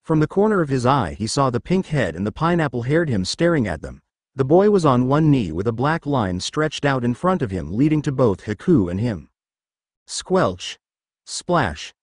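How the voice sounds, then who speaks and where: A man's voice: mid-range voice, big pitch swings, normal speed, no echo, clean studio sound. A man reading a fanfiction story aloud as narrator.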